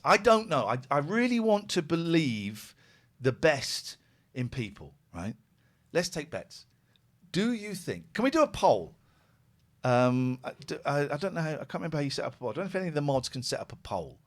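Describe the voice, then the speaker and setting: A middle-aged man, chatting as a phone-in host. His pitch swings widely as he tells a story and plays out both sides of each back-and-forth. He sounds relaxed and unscripted. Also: normal speed. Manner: animated storytelling, acting out both sides of exchanges. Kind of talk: casual chat.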